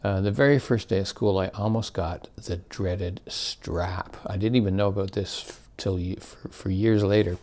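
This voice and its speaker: Older man with a deep gravelly voice. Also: normal speed, few pauses, darkish tone. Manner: rambling, self-correcting, chuckling. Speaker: storyteller. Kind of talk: casual reminiscence.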